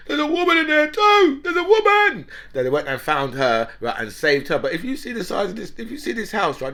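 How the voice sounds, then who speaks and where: A man talking in a loose, rambling monologue. His voice is bright and lively and climbs and dips a lot, and he laughs often and keeps tagging "right?" onto his points. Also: a little high, creaky. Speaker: talk show host. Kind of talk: casual monologue.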